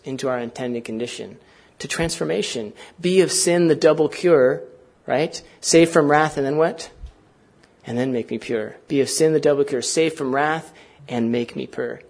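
A man's voice: fairly high pitch, slightly rough. A male pastor preaching a sermon in a conversational, earnest way, often asking the congregation questions and using fillers.

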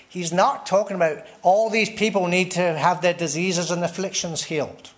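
A man's voice: high-pitched, moderate pace, hardly any pauses. A man preaching a sermon in a conversational way, asking the congregation questions, tagging "right?" onto his points and laughing lightly between phrases.

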